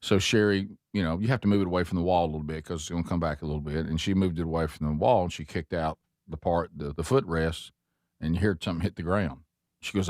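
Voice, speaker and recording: A very deep-voiced man tells a rambling, self-mocking story, circling back and restarting his sentences as he goes. His voice is recorded dry and close, with no room sound at all. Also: fairly even intonation, fast, darkish tone, no echo. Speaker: host. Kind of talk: casual chat, storytelling.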